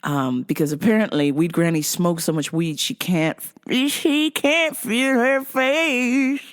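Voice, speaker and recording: A young adult woman hosting a podcast, telling a story in a profane, casual way and laughing loudly and often. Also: sits high, animated, extremely slow. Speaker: podcast host.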